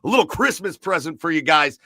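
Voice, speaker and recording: A man's voice: on the high side, expressive, brisk, sharp tone, no room sound. A man hosting a casual sports talk show, chatty and rambling, with frequent fillers and repeated words. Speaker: podcast host.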